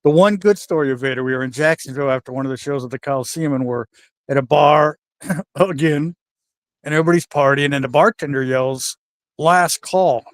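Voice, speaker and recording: An older man telling backstage stories in a casual, animated way, acting out the voices of the people in them. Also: medium pitch, fairly quick, no room sound, studio quality. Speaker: guest wrestler telling stories. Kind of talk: casual storytelling.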